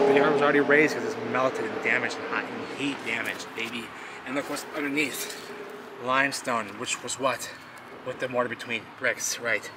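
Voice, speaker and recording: A man vlogging outdoors, narrating as he digs through ruins, rambling and excitable and repeating himself. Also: mid-range voice, moderate pace. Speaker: vlogger exploring urban ruins. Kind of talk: casual outdoor vlog narration. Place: outdoors in a wooded city lot. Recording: noisy outdoor camera audio.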